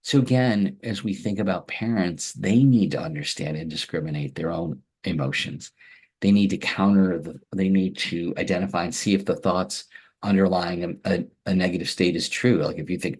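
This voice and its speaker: A man giving a training lecture to caregivers in a soft, warm way, often checking in with "right?" and repeating "again". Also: low-pitched, moderate pace, breathy edge.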